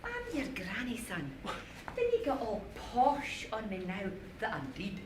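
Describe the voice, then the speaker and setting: A woman's voice: mid-range voice, wildly swooping pitch, measured pace, far from the mic. A woman playing the bossy, teasing ghost of an old grandmother, scolding and mocking her grandson in a live stage play. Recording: echoey stage, recorded from afar, faint noise.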